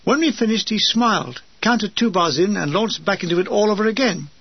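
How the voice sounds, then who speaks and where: A man narrating his war memoir with dry, deadpan comic asides. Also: high-pitched, a little fast, husky, no room sound. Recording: dull lo-fi dry recording.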